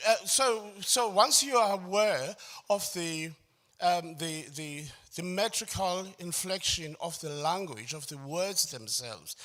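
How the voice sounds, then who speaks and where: This choral workshop facilitator has a voice on the high side with a sharp tone. In his workshop lecture he walks through phrasing one step at a time, frequently asking "does it make sense?", and sings and hums brief phrases as examples.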